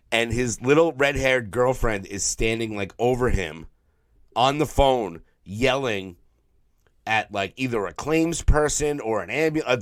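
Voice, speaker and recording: A man's voice: mid-range voice, measured pace, no room sound, clean studio sound. Tired New man telling stories. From New York. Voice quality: throaty, tired voice. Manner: profane, animated storyteller who mimics people. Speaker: podcast co-host. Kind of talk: casual storytelling chat.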